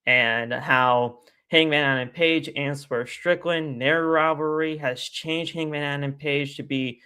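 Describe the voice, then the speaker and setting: A man as a guest on a casual live stream, talking at length in an animated, rambling way and repeating his stock phrases. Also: a little high, a little slow, clean tone.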